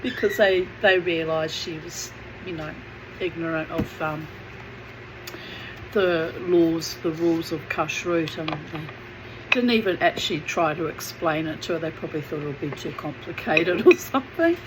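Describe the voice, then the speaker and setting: A woman's voice: low-pitched, moderate pace, background noise. A woman telling a family memory in a chatty, digressive way with plenty of fillers. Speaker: memoir narrator. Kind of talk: casual storytelling.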